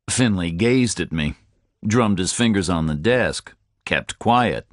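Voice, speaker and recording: A man's voice: low-pitched, expressive, slow pace, dry recording, clean studio sound. A man narrating a first-person audiobook in terse, clipped sentences.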